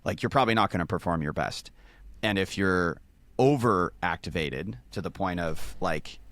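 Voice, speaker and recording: A man's voice: low-pitched, moderate pace, a bit bright, no room sound. A man casually explaining sports science step by step, with many fillers.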